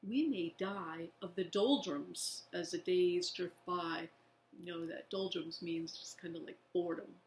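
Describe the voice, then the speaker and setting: A woman reading a children's book aloud in a slow, expressive way. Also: fairly low pitch, a little hiss or hum. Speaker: reader. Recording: echoey room.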